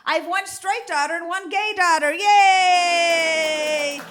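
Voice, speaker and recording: A woman's voice: extremely high pitch, a little fast, pushed and bright. A woman in her fifties doing a stand-up comedy set on a theater stage, brassy and bawdy as she teases the crowd. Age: 50s.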